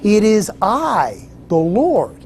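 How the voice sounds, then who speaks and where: A man voicing the Lord speaking down from above, slow and solemn. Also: high-pitched, huge pitch swings, darkish tone, slight background noise, heavily acted.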